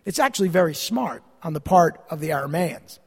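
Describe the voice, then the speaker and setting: A man's voice: fairly high pitch, expressive, a little fast, vocal fry, breathy edge. A man teaching a Bible study sermon, reading scripture aloud and adding sarcastic asides. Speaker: pastor. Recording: long hall reverb.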